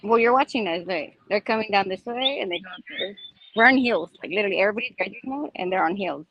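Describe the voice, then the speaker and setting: A woman walks outdoors by a pond on a phone live stream, chatting casually and often exclaiming and laughing, with the phone held in her hand as she goes. She talks fast at a medium pitch, and the audio sounds dull.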